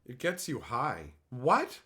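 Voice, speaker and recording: Animated, bright-voiced male streamer. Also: medium pitch, takes it slowly. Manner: animated, swearing, rants with exasperated disbelief. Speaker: streamer reading chat. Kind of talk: casual live-stream chat.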